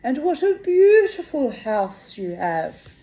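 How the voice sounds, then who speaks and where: A woman voicing Death as a gentle, earnest young girl with a low, sweet voice in a storybook reading. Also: big pitch swings, slow pace, full character voice, poor audio.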